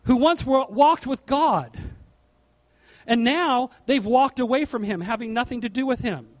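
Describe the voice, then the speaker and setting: A middle-aged man preaching a sermon from a church platform, animated and asking the congregation questions. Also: extremely high pitch, measured pace. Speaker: pastor.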